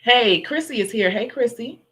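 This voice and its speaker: Woman, Chicago accent, casual livestream host, blunt and forceful, chatty. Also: a little high, lively intonation, normal speed. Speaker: nail tech livestream host. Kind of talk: casual livestream chat with viewers. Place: indoors at home.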